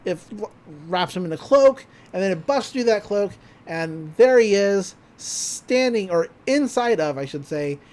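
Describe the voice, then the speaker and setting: A woman's voice: medium pitch, lively intonation, a little slow, few pauses, a little mellow. A woman co-hosting a podcast, casually retelling an anime episode in a loose, chatty way and laughing often. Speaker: podcast co-host.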